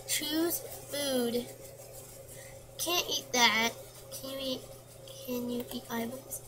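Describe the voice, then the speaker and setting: A woman's voice: a little high, slow pace, long pauses. A woman playing a quiz game on her computer, reading the questions and answers aloud and mumbling to herself. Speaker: gameplay commentator. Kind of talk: casual gameplay commentary. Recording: noisy home recording.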